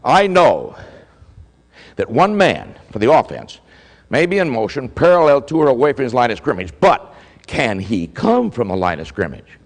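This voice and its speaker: An older man, a motivational speaker, delivers a keynote in a large hall before a live audience, telling animated stories and performing quoted exchanges. His medium-pitched voice swoops wildly at a moderate pace, and long hall reverb trails the speech.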